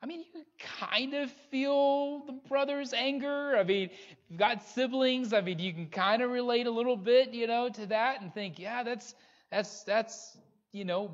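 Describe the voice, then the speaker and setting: A man preaching a sermon as pastor, earnest and pressing his listeners with rhetorical questions. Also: very high-pitched. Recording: dull lo-fi recording.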